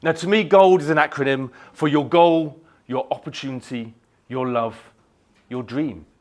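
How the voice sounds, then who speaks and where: A man from Britain giving a motivational keynote talk to a live audience in an event venue. He tells his story with animation and acts out the shouts and his own inner thoughts. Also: a little high, normal speed. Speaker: motivational speaker.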